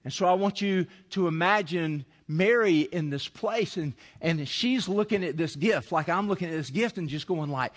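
A male preacher giving an animated sermon, acting out scripture scenes and often restarting his sentences. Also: high voice, moderate pace, hardly any pauses, long reverb tail.

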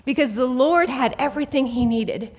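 A woman in her forties preaching a sermon in a conversational, animated way to an audience in a large hall. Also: high-pitched, moderate pace. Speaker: speaker at a church. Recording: long reverb of a large hall.

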